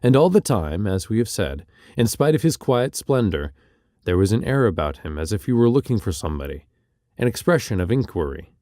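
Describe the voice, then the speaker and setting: Expressive, dark-voiced male narrator. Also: on the low side, no echo, studio quality. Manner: measured, expressive literary reading. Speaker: audiobook narrator. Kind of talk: audiobook narration.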